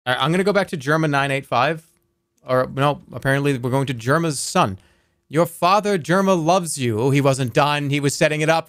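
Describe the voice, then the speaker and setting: A slightly bright, high-leaning male voice with studio quality and no room sound. The speaker, a streamer in his thirties, jokes and chats casually during a game, reacts quickly, and reads chat messages aloud.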